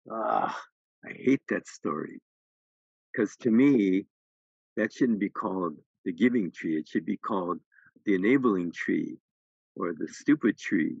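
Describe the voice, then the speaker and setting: A man's voice: low voice, measured pace, gravelly, breathy edge, no room sound, highs cut off. A middle-aged man, a minister, gives a dharma talk in a temple, telling a story with many restarts and then making his points emphatically. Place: temple hall.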